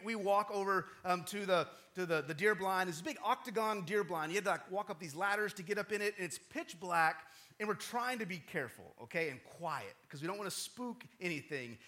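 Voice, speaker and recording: A man preaching a sermon, telling a personal story in an animated, conversational way and often checking in with his listeners. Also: high-pitched. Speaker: pastor.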